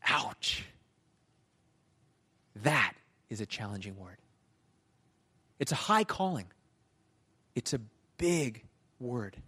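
A male pastor preaching a sermon in a conversational, animated storytelling manner. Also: medium pitch, slow, pauses often, husky.

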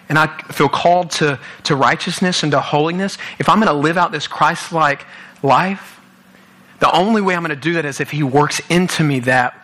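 Bright-voiced man preaching to youth. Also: fairly high pitch. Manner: earnest, repeats words and restarts often. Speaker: guest youth speaker. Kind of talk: youth sermon. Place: church youth service.

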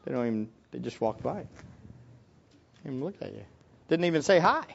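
A male pastor delivering a sermon with a very lively, swooping pitch. He jumps between loud, forceful outbursts and hushed, low asides, and he often repeats a word as he restarts a phrase. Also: fairly quick, creaky, dull audio. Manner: repeats words when restarting.

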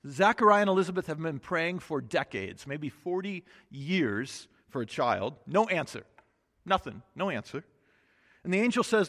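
Chatty high-voiced preacher in a reverberant hall. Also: male voice, sing-song, moderate pace, a bit bright. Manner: casual, chatty preaching with restarts and humor. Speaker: pastor. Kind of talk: sermon with Bible reading.

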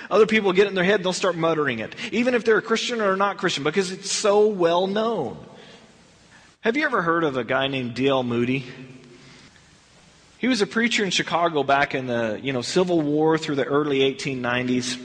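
A man's voice: on the high side, a bit bright, husky, big-room sound. A man teaching a verse-by-verse Bible study in a conversational way, acting out the people in the stories. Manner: conversational, acts out dialogue in quotes.

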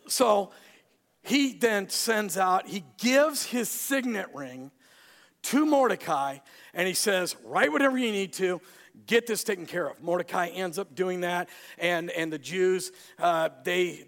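A man preaching a sermon, an animated storyteller who acts out the characters. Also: a little high, big-room sound. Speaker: pastor.

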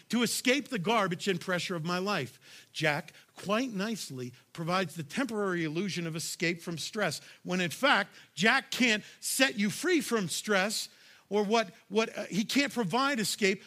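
A man's voice: high voice, sharp tone. A man preaching a sermon as pastor, talking straight to his listeners in a punchy, emphatic way and raising his voice on key lines. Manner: conversational, addresses audience directly.

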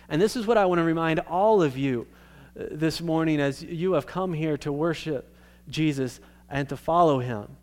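A man's voice: a little high, normal speed, a little mellow. A male pastor preaching a sermon in a conversational way, checking in with his listeners and restarting his phrases.

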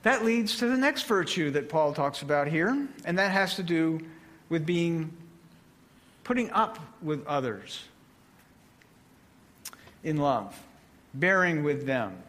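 Slow, high-voiced male preacher. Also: animated, a bit bright. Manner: slow, deliberate delivery with measured pauses. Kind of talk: sermon.

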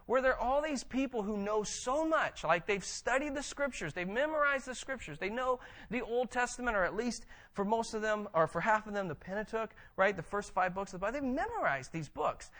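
A man preaching a conversational sermon, reading scripture and explaining it with animated tag questions. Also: high-pitched, a little fast, hardly any pauses. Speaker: pastor.

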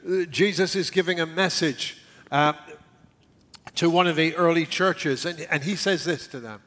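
A middle-aged man preaching a sermon earnestly, repeating key words and often dropping to a hushed near-whisper. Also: a little high, normal speed. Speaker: pastor.

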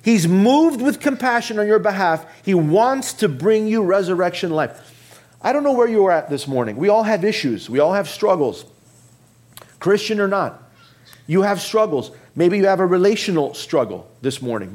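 A man preaching a sermon earnestly, dropping low and quiet for emphasis and asking his listeners direct questions. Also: expressive, normal speed. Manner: addresses the congregation directly with questions. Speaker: pastor.

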